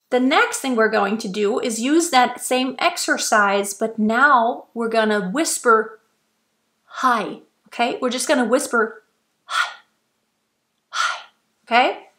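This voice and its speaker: Woman vocal coach, slightly high, slow and patient teaching delivery. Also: fairly bright tone. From Germany. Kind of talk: instructional explanation.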